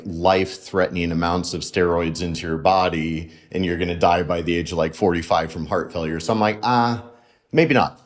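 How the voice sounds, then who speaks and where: Low-voiced casual podcast host man. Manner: laid-back, peppered with "like" and "you know". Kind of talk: casual interview chat.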